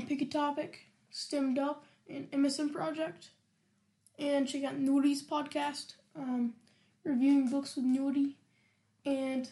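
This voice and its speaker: A woman hosts a casual music podcast, her voice pitched high above most women's. She talks at an unhurried, slow pace. She giggles often and lets her sentences trail off. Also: dark tone. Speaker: podcast host. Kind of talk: casual music reaction chat.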